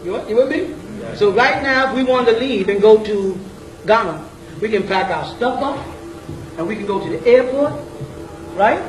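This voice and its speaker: High-voiced man lecturing in an echoey room. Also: expressive, normal speed, long pauses. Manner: blunt, street-casual, keeps checking in with rhetorical questions. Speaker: lecturer addressing a group. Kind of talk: informal lecture. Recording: echoey room, mic at a distance, faint ambient noise.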